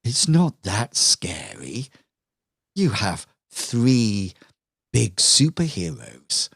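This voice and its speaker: A man's voice: fairly low pitch, sing-song, vocal fry, a bit bright, breathy edge, dry recording, studio quality, heavily acted. A man voicing a smug, scheming villainous woman who mocks and taunts her rivals in a tabletop game. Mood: mocking. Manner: taunting, drawn-out sly delivery.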